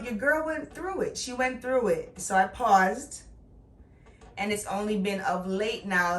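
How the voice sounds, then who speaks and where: A woman's voice: medium pitch, a bit bright, far from the mic. A middle-aged woman chatting playfully and with emphasis as she reviews a product. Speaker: beauty vlogger. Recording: echoey room, voice off-mic.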